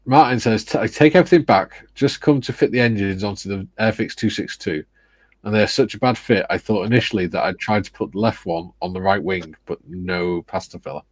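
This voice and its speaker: A man's voice: fairly low pitch, brisk, no echo. A man hosting a casual model-building livestream, reading out viewer comments and joking along. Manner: reads out chat messages, joking.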